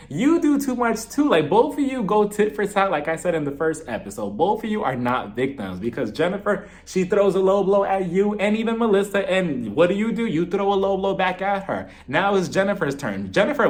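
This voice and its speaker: A young man giving a casual, jokey review of a reality TV episode, talking in an animated, chatty way with lots of "like" fillers. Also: fairly high pitch.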